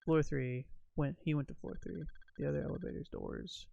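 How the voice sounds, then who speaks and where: Gravelly man reading a game aloud. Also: fairly high pitch, normal speed, mellow, dry recording, highs cut off. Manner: stumbles over words and laughs. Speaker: game streamer.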